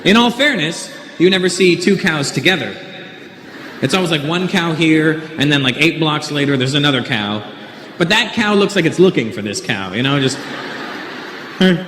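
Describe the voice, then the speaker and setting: A Canadian man does stand-up with a high, wry observational delivery. The sound carries the long reverb of a roomy hall, with faint noise underneath and laughter from the audience. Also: animated, moderate pace, a bit bright. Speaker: stand-up comedian. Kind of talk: stand-up comedy. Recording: echoey live hall recording.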